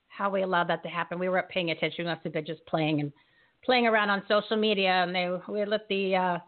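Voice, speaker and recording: A woman hosting a live talk show, talking in a fiery, folksy and emphatic way over a video call. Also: medium pitch. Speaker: host. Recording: phone-like narrow audio.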